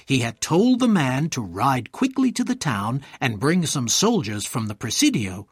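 A man narrating a story aloud in a clear, measured way, voicing each character in turn. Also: medium pitch, fairly bright tone, dry recording, clean studio sound.

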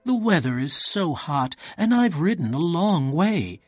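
A man reading an audiobook, voicing a tired, languid young nobleman in a raised, husky voice. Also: sing-song, a little slow, darkish tone, dry recording, clean studio sound, heavily acted. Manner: tired, languid, higher put-on voice. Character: weary idle young nobleman.

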